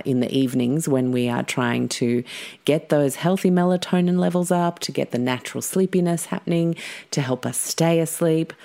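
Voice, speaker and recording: Low-voiced chatty woman host. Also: a little mellow. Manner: enthusiastic, chatty with many fillers. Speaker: podcast host. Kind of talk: podcast intro and ad read.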